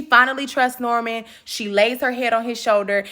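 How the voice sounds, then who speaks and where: A woman giving a casual movie recap commentary, animated and slangy, with profane jokes and laughing asides. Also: fairly high pitch, unhurried.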